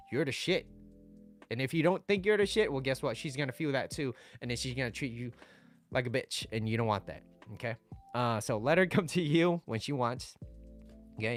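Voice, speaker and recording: A man giving casual dating advice to his viewers, blunt and swearing, reading their chat comments aloud. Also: medium pitch.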